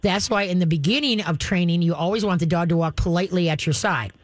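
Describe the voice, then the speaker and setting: A woman's voice: fast talker, dry recording. Woman dog trainer giving radio advice. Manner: instructive, acts out calm commands to the dog in a soft low voice.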